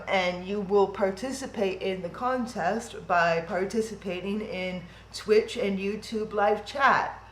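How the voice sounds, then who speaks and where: Slow, chatty woman hosting a livestream. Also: medium pitch, fairly bright tone, a little hiss or hum. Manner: chatty, rambling, self-deprecating. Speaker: livestream event host. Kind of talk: casual live-stream chat. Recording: roomy echo.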